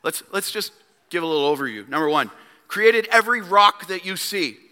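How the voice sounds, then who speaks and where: A man preaching a sermon as pastor, emphatic, swinging between loud declarations and hushed low asides. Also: animated, fairly quick, smooth, in a large hall. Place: church sanctuary.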